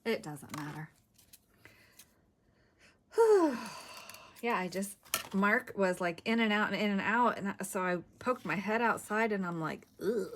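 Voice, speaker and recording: A woman's voice: mid-range voice, expressive, normal speed, slight background noise. A middle-aged woman hosting a craft video, chatting casually and thinking aloud as she works. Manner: chatty, giggly, thinks aloud while working. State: a bit winded.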